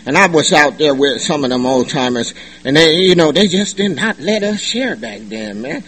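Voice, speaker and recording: A middle-aged man tells his story to a recovery meeting, animated and full of jokes. His voice sits high and bright with a husky edge. He talks in loose slangy speech and laughs often. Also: normal speed, poor audio. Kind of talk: personal testimony at a meeting. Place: meeting room.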